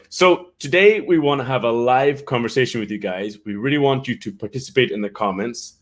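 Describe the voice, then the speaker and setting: An Irish man hosting a casual live-stream chat for English learners, greeting viewers by name and laughing often. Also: mid-range voice. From Ireland.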